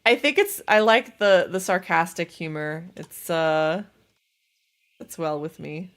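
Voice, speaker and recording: A woman's voice: fairly low pitch, slow pace, a bit bright. Chatty woman streaming a game. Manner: chatty, self-deprecating, laughs often. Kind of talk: casual gaming livestream chat.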